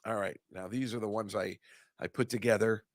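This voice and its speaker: A man's voice: lowish voice, fairly even intonation, a little fast, dry recording, clean studio sound. An older man, hosting a casual chat show and ranting with self-mocking asides. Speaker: host. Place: comedy club studio.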